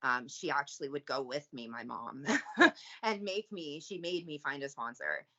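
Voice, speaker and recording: A woman's voice: sits low, normal speed, pushed and bright, lo-fi sound. A Canadian woman talking as a podcast guest in earnest, casual chat with frequent fillers.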